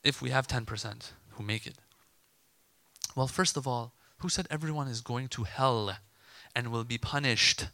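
A man preaching a sermon to a gathered crowd, animated and emphatic, acting out imagined dialogue to make his points. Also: mid-range voice, normal speed, creaky, no echo.

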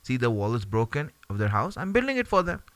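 A man voicing a calm, mysterious sage who speaks low and hushed. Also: fast talker, no room sound. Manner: low, hushed, matter-of-fact. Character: calm mysterious male sage, quiet and unbothered.

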